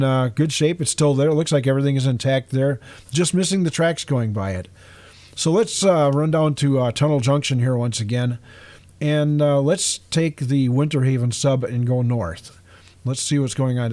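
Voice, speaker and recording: A man's voice: a little high, darkish tone, no room sound. Rambling man narrating a game tour. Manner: rambling, self-deprecating, frequent uhs and chuckles. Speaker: video game streamer. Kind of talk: casual gameplay walkthrough commentary.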